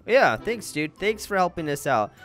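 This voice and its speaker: A man hosting his gaming channel, giving chatty, excitable gameplay commentary and talking straight to his viewers. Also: sits high, moderate pace, faint music behind. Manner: excitable, chatty, keeps addressing viewers as guys.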